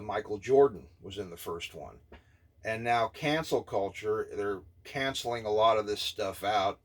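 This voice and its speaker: A man in his fifties giving an indignant, scornful opinion rant, blunt and halting, with many filler pauses. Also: lowish voice. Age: 50s. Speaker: vlogger.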